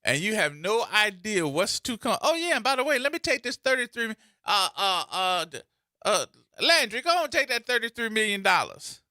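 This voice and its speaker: A man's voice: high voice, very animated, normal speed, pushed and bright, no echo, clean studio sound. A man, hosting a talk radio show with playful, theatrical commentary and mocking put-on voices. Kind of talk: animated commentary with mock skits.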